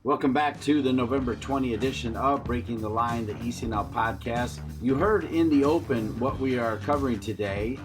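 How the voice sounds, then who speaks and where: A man's voice: medium pitch, fairly quick, few pauses, music in the background. A man hosting a podcast, reading the show's opening in an upbeat, announcer-like way. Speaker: podcast host. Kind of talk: scripted podcast intro.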